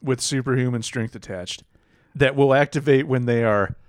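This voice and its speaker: A young man co-hosting a casual podcast chat, making wry, deadpan jokes. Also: medium pitch, normal speed, clear, resonant tone, dry recording, studio quality. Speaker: podcast co-host.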